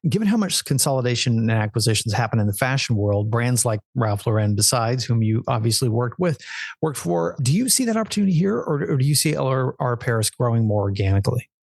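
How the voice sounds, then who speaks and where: A man's voice: medium pitch, big pitch swings, fast talker, vocal fry, darkish tone, no room sound, clean studio sound. A man with a Texas accent hosting a podcast interview, asking long, carefully framed questions. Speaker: podcast host.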